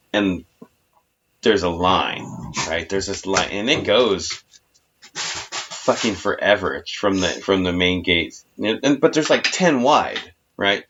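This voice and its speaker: A man co-hosting a podcast, telling a story in relaxed casual chat with some swearing. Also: low voice. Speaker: podcast co-host. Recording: dull lo-fi sound with faint noise.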